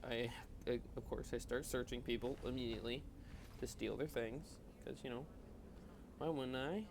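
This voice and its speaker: Over background noise, a man with a medium-pitched, steady voice with vocal fry speaks at a moderate pace. This gaming channel host is tired and yawning as he gives a chatty, rambling, self-mocking voiceover of his own gameplay.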